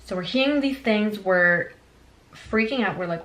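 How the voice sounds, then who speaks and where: A young woman vlogger telling a childhood story in a chatty, animated way, full of fillers. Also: mid-range voice, moderate pace, low-quality recording. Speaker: beauty vlogger. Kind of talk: storytime vlog.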